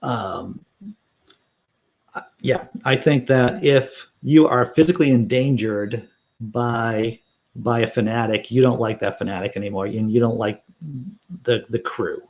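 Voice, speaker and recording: A man's voice: mid-range voice, unhurried. Sarcastic man reading political news. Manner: sarcastic, animated, laughs while reading. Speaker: political commentary host. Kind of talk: casual political commentary reading news and chat comments.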